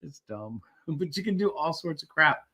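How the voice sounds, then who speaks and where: A man's voice: a little high, lively intonation, sharp tone, soft background music. A man hosting a live stream, chatting casually and rambling as he fiddles with his setup. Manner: rambling, halting, laughs while fiddling with tech. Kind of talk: casual chat.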